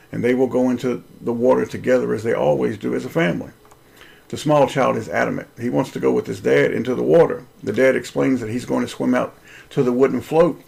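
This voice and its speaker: Gravelly, husky man reading a story. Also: medium pitch, darkish tone. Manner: earnest, preacherly. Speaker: Christian video host. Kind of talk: reading his own story aloud.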